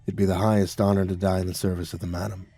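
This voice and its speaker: Devoted, menacing cult servant, as a narrator plays him, flat and mechanical, dry sound. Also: male voice, sits low, quick pace, husky, dry recording, faint music behind, voice pushed down.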